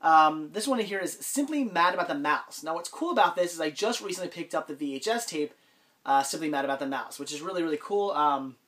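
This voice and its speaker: Congested with a cold, a collector vlogger chats casually about his haul, rambling with frequent ums and restarts. His voice sits on the high side, brisk and fairly bright with lively intonation.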